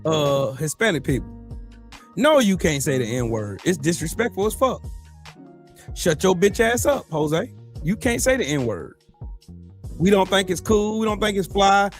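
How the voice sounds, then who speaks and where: A man's voice: sits high, big pitch swings, a little slow, long pauses, soft background music. A man co-hosting a podcast, giving blunt, profane and mocking political commentary. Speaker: podcast co-host.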